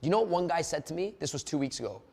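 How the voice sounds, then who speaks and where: A man speaks in a high, pushing voice as he gives a motivational sales webinar. He tells energetic, profane stories from his office. A long reverb trails behind him. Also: rapid-fire, creaky. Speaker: sales trainer.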